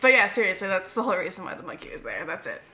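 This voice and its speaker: A woman's voice: medium pitch, sing-song, racing, bright, forceful tone. A woman co-hosting a casual group chat, giggly and teasing. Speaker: podcast co-host.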